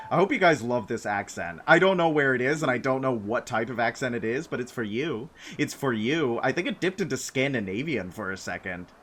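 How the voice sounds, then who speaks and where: A man's voice: mid-range voice, expressive, a little fast, few pauses, a bit bright, a little hiss or hum. A man casually chatting and giggling while streaming a game, rambling between thoughts. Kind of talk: casual let's-play chat.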